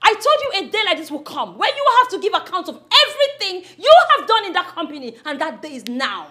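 A woman's voice: extremely high pitch, very animated, quick pace, sharp tone, exaggerated voice. An actress playing a defiant young woman with a Nigerian accent, confronting her uncle in front of her mother. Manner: taunting, confrontational. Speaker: daughter.

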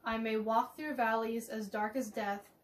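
A woman reading a psalm in measured phrases, calling for the group's response. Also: fairly high pitch, fairly even intonation. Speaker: psalm reader. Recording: distant mic with faint noise.

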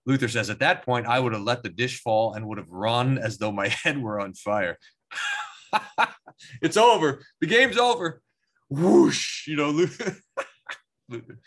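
Animated pastor teaching a Bible class. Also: male voice, mid-range voice, slightly rough. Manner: animated, acts out quoted lines with voices, chuckles; restarts and repeats words while thinking aloud. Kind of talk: Bible study lecture, reading aloud and commenting.

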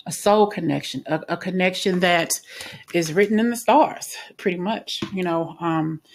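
A woman's voice: fairly low pitch, moderate pace, a little hiss or hum. A woman giving a casual spoken tarot reading in a chatty, reassuring way, with frequent fillers and restarts. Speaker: tarot reader.

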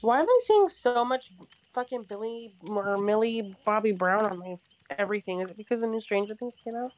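A woman's voice: mid-range voice, animated, brisk. A woman playing a horror game on stream, chatting bluntly and swearing freely as she complains about the match. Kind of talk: casual gaming chat.

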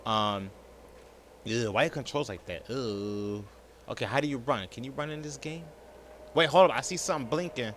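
Brief: man, 30s, gaming host, joking and slangy, forceful bright voice. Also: mid-range voice, moderate pace, a little hiss or hum. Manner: hyped, slangy, joking, talks to viewers as y'all. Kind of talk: let's play horror commentary.

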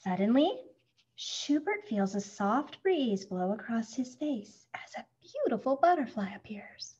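A woman reading a children's picture book aloud, expressive and acting out the sound words. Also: a little high, unhurried, breathy edge. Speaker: storybook reader. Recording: muffled lo-fi recording.

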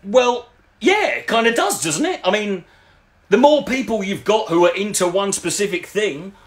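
Sarcastic sweary man, lively pitch. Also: moderate pace. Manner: mocking, sweary, rambling with restarts. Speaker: YouTube commentator. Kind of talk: sarcastic commentary reading out comments.

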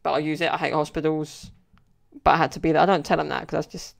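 A man's voice: a little high, level tone, fast, vocal fry. A young man telling stories in a casual solo podcast, rambling and chatty with lots of "like" and "you know". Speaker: podcast host.

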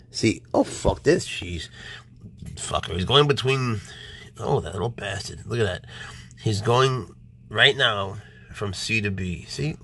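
A man's voice: on the low side, lively intonation, a little slow, bright, forceful tone, a little hiss or hum. A man who keeps exotic pets, chatting casually to his animals and coaxing them, with muttered swearing asides. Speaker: exotic pet keeper.

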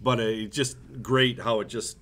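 A man's voice: medium pitch, fairly even intonation, moderate pace, fairly bright tone. Easygoing reminiscing man. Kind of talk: casual chat.

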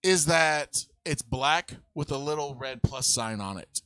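A man's voice: on the high side, animated, measured pace, fairly bright tone, dry recording. A man hosting a casual podcast, telling stories with loose, casual swearing. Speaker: podcast host.

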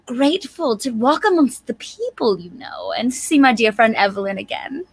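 A woman's voice: a little high, very animated, moderate pace, breathy edge, no echo, exaggerated voice. A woman playing a confident, affected socialite with a put-on Southern American accent in a tabletop role-play. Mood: grandiose. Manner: airy, air-kissing, affected. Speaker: player.

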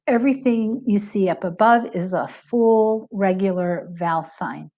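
A middle-aged woman teaching a recorded lesson, explaining patiently and slowing down to stress examples. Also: medium pitch, mellow, lo-fi sound. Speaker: Hebrew teacher.

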